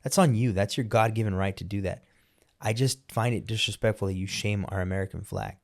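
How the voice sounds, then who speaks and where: A man's voice: fairly low pitch, a little fast, gravelly. A man hosting a podcast interview, talking in a casual, emphatic and opinionated way, often restarting his sentences. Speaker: podcast host.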